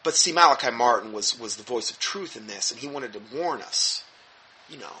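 A man's voice: mid-range voice, expressive, normal speed, pushed and bright. A man reading aloud from an article and breaking in with sarcastic, mocking commentary, often repeating and restarting words.

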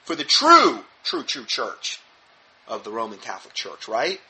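A man's voice: medium pitch, huge pitch swings, unhurried, bright, forceful tone. A man reading aloud from an article and breaking in with sarcastic, mocking commentary, often repeating and restarting words.

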